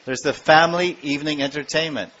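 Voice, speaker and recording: A man giving a devotional lecture, telling stories in an animated way and acting out the scenes. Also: fairly high pitch, fast talker, slight background noise. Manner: animated storytelling, acts out scenes. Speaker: spiritual lecturer. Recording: dull lo-fi lecture recording.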